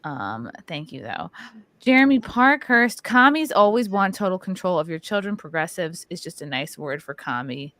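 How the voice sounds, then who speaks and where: Bright lively woman host, reads chat comments, jokey and animated, dry close sound. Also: fairly low pitch, normal speed, no room sound. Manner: playful, laughing, animated storytelling. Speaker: podcast host reading viewer comments. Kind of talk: casual chat.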